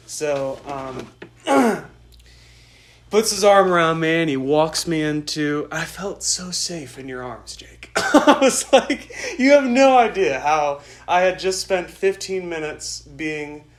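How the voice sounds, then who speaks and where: A man in his twenties hosting a podcast, telling a rambling story in an excitable way and laughing often. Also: fairly high pitch. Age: 20s. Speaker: podcast host. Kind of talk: casual storytelling monologue.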